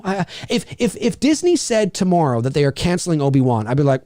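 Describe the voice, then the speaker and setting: A man hosting a podcast, talking in a casual, animated, rambling way, repeating words and swearing often. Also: on the high side, fast, few pauses, dry recording, clean studio sound. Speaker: podcast host. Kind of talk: casual chat.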